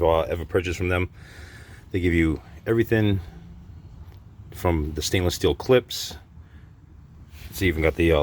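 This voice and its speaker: Low-voiced New man fixing brakes. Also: a little hiss or hum. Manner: joking, offhand, hands-on while working. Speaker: car repair vlogger. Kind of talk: casual how-to vlog.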